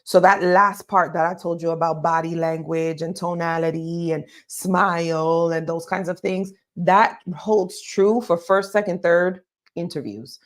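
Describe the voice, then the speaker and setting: Woman, low voice, career coach, emphatic, keeps checking in with listeners. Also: steady tone, a little slow. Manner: emphatic, repeats "okay?" to check in. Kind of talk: live career advice talk.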